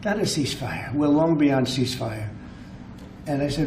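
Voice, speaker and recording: Man at a press event, rambling and emphatic, mellow tone, echoey room with faint ambience. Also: mid-range voice, moderate pace, slight background noise. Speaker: politician answering reporters. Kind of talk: off-the-cuff press remarks. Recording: roomy clip with faint ambience.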